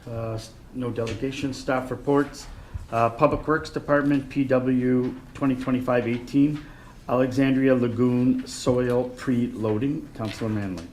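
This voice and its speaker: A mayor runs a council meeting in a mid-pitched male voice, moving briskly from motion to motion. He slips in small jokes between items. A faint noise sits under the recording. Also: steady tone, a little mellow. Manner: brisk procedural calls, light joking. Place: council chambers.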